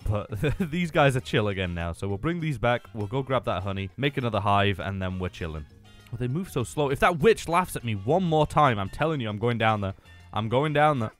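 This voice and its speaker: A young man giving playful, excitable commentary on his Minecraft game, taunting the mobs and laughing often. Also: mid-range voice, fairly quick, soft background music. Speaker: gaming YouTuber. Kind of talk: Minecraft let's-play commentary.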